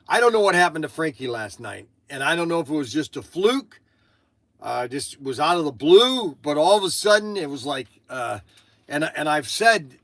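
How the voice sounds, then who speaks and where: An older man hosting a livestream, telling a family story in a halting, rambling way full of restarts and asides. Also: medium pitch, a bit bright, dry recording. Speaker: livestream host.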